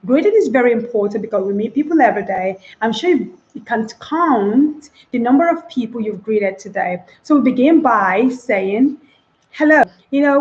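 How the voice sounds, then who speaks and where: A woman with a fairly high voice gives a spoken English lesson, acting out greeting phrases and repeating them with exaggerated tone. The recording sounds dull and lo-fi. Her voice rings in an echoey room. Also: a little mellow. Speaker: English teacher.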